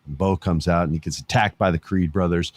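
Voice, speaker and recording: A middle-aged man hosting a podcast, giving animated casual commentary, laughing often and swearing casually. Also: low voice, a little fast, dry recording. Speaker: podcast host.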